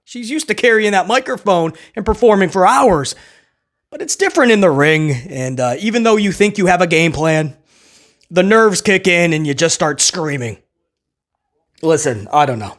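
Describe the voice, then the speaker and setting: Man, high-pitched voice, slangy casual host, chatty, laughs a lot. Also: a bit bright. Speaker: wrestling review host. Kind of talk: casual solo review.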